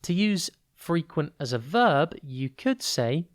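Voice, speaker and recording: A tutor giving a podcast vocabulary lesson, explaining clearly and deliberately, spelling words out letter by letter and stretching key words to show their stress. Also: medium pitch, big pitch swings.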